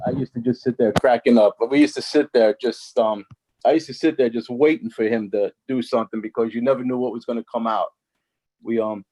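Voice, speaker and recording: A man's voice: mid-range voice, warm tone, rough recording. A man telling stories on a video call in a loose, rambling way, with many fillers and restarts. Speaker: former coaching colleague. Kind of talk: casual storytelling on a video call.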